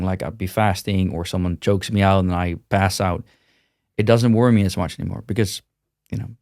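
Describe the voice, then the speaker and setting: Man, podcast guest, lowish voice, dry close mic, rambles and restarts a lot. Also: vocal fry, a little mellow, no echo. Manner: rambling, frequent restarts and repeated words. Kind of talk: casual interview conversation.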